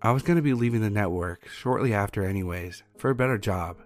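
A man reading a first-person horror story in a steady, measured way as narrator. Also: on the low side, soft background music.

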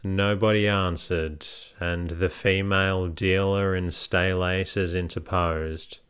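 Calm guy reading a bedtime sleep story, real low n slow. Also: smooth. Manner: calm, soothing. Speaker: narrator.

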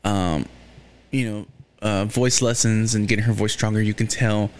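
A man's voice: lowish voice, steady tone, moderate pace. A man casually recapping episodes of a TV series, rambling with lots of fillers and restarts and swearing freely. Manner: swears freely and gets heated. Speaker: show recapper.

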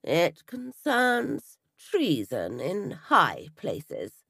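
Storybook role: a slow, nasal, strangle-throated inspector, read by a woman, low and falsely soothing. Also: wildly swooping pitch, vocal fry, fairly bright tone, breathy edge, dry recording, studio quality, full character voice. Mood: measured, probing. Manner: slow, measured, falsely reassuring. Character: nasal, strangled-voiced male police inspector. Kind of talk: storybook reading.

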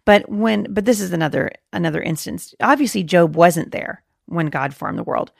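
Woman doing a bible talk for moms, kinda low gravelly voice, dry close sound, lots of um and uh. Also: lively intonation, normal speed, no room sound. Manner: earnest, frequent fillers and restarts, quotes scripture. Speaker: podcast host teaching moms. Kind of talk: devotional teaching talk.

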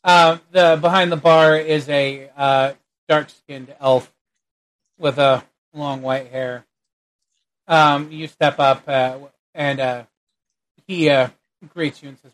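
A man's voice: on the high side, steady tone, slow pace, long pauses, fairly bright tone, low-quality recording. A man narrating a tabletop game as game master, hesitant and full of fillers.

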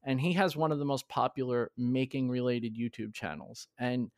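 A man's voice: mid-range voice, normal speed, no room sound, clean studio sound. A man telling his story in a candid, earnest conversation, often restarting his sentences. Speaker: podcast guest.

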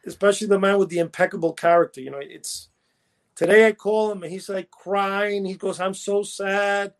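A podcast co-host with a strikingly high voice spins loose, rambling stories during a casual chat, restarting sentences and laughing at his own tales. His intonation stays fairly even, and he talks a little fast.

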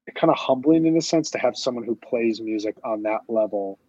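A man's voice: mid-range voice, fairly quick, a little mellow, breathy edge, no room sound, lo-fi sound. A man hosting a podcast, chatting casually in a rambling way with many restarts and fillers. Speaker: podcast host. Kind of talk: casual chat.

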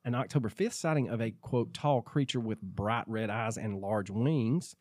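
A man co-hosting a podcast, reading items out in a dry, deadpan manner. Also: lowish voice, moderate pace, no room sound. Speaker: podcast co-host.

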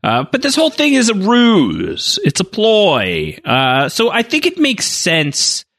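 A man's voice: high voice, huge pitch swings, slow, a bit bright. A man co-hosting a podcast, talking enthusiastically and rambling with many fillers. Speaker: podcast co-host. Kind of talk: casual chat.

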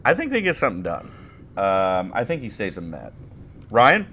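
A man's voice: lowish voice, wildly swooping pitch, normal speed, sharp tone, slight background noise. A man co-hosting a casual sports podcast, joking and swearing through the banter. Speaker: podcast co-host.

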